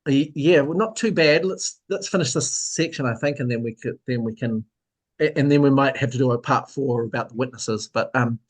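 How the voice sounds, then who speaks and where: A man's voice: medium pitch, normal speed. A man, a guest author in a casual discussion, explaining thoughtfully and trailing off into fillers.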